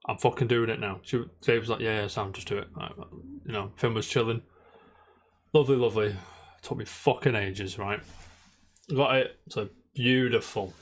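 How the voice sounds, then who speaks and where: A man's voice: on the low side, fairly even intonation, normal speed, long pauses. A man co-hosting a casual podcast, telling a long rambling story and swearing constantly. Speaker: podcast co-host. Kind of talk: casual chat.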